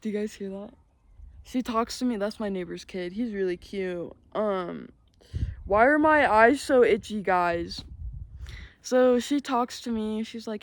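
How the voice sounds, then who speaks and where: A woman's voice: mid-range voice, a little slow. Young woman rambling through a storytime. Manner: rambling, profane, filler-heavy. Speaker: vlogger. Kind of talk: casual storytime chat. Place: outdoors in the wind. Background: wind and passing vehicles.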